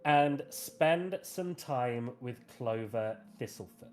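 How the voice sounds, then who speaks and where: A woman narrating as game master of a tabletop game in an unhurried way, with hesitant fillers. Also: a bass voice, lively intonation, darkish tone.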